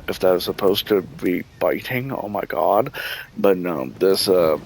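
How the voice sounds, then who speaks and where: A man's voice: low voice, animated, measured pace, a little hiss or hum, poor audio. A man telling a story in casual, profane chat, laughing often and acting out what people said. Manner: profane, laughs often, acts out quoted dialogue. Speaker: gaming channel host.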